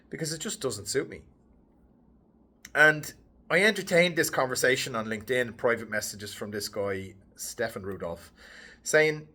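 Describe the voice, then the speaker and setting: Animated man telling a story. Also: normal speed. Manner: animated, lively, pitch swinging up and down. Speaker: headshot photographer and vlogger. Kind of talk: casual to-camera storytelling.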